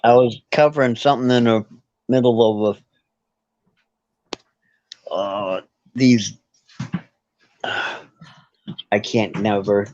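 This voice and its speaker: Slow, halting speaker over a dull line. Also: medium pitch, fairly even intonation, a little mellow, dry recording. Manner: halting, trailing off mid-sentence. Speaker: caller on a live chat. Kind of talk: casual chat on a call.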